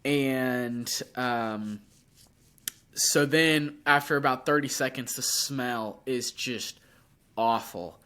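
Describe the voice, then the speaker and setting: Sick young guy on a podcast, bright voice, telling a story and acting out his reactions. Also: medium pitch, slow, clear, resonant tone. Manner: animated storyteller, acts out his own reactions. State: sick, sore throat. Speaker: podcast co-host. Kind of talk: casual storytelling chat.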